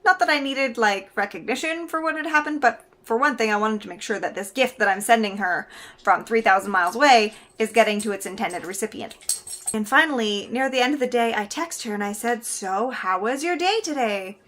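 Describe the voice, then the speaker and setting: A woman's voice: on the high side, fairly quick, a bit bright. A young woman from Canada telling a funny personal story to camera in a casual, chatty way, laughing now and then. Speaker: vlogger.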